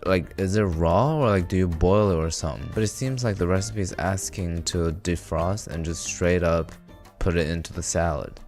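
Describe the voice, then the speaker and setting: A man narrating his cooking video in a relaxed, chatty way, with wry asides. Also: sits low. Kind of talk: casual recipe narration.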